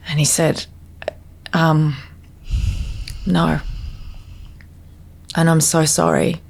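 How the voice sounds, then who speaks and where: A woman podcast guest telling her personal story in a halting way, often restarting her sentences. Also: low voice, gravelly.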